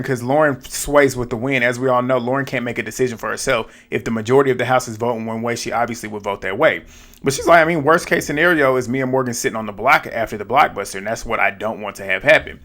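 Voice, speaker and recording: A young man giving a casual, animated recap of a reality show, speaking bluntly and with lots of slang, directly to his viewers. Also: medium pitch. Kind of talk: casual episode recap and commentary.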